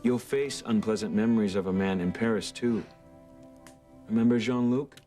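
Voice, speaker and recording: A man's voice: lowish voice, moderate pace, warm tone, faint music behind, lightly acted. An actor playing a concerned man urging a woman to stay, earnest and insistent, in a soap opera.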